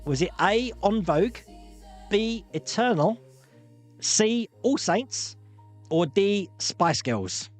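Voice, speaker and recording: A man hosting a live-streamed pub quiz, jokey and quick to laugh as he reads out multiple-choice options. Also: sits high, big pitch swings, faint music behind. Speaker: quiz host.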